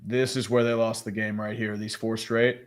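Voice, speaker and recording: A man's voice: on the low side, level tone, moderate pace, a loud crowd. A man co-hosting a casual sports podcast, blunt and sarcastic, who reads viewer messages aloud. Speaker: podcast co-host.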